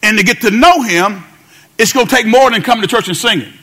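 High-pitched male pastor, call-and-response sermon, sing-song repeats. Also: fast, bright, forceful tone.

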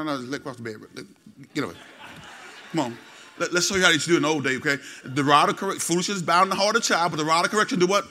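A middle-aged male pastor preaching a sermon, repeating phrases and calling for responses, swinging from low asides to loud exhortation. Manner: repetitive, call-and-response preaching.

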